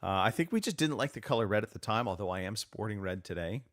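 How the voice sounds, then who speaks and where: A man's voice: lowish voice, lively intonation, fast. A man hosting a casual live podcast, joking around and drifting off on tangents. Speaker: podcast host. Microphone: remote call setup.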